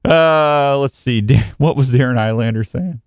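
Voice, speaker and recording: A man's voice: mid-range voice, normal speed, smooth, dry recording. A man hosting a live outdoors radio show, rambling and joking with listeners and his producer. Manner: rambling, jokey, chatty. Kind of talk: casual live radio chat.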